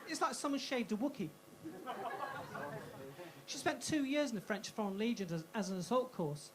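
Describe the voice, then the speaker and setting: A woman performing stand-up in a comedy club, her voice a touch higher than most women's. She fires off punchy lines, stumbles and restarts, and drops quick asides, speaking into a handheld stage mic. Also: animated, a loud crowd, heavy background noise. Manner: punchy, self-interrupting delivery with quick asides. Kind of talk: stand-up routine.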